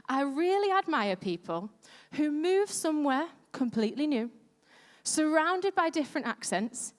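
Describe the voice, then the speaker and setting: A woman pastor giving a sermon, chatty and self-deprecating, asking her congregation questions. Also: high-pitched. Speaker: pastor on church lead team. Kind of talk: sermon with audience interaction. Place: large church hall. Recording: echoey church hall reverb.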